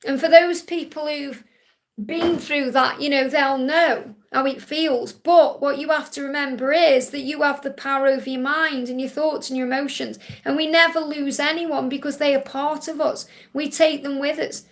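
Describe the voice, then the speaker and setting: A woman's voice: sits high, fairly even intonation, normal speed. A woman hosting a live spiritual reading stream on a tablet, relaying messages in a soothing, reassuring way. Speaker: psychic reader hosting a live Q&A.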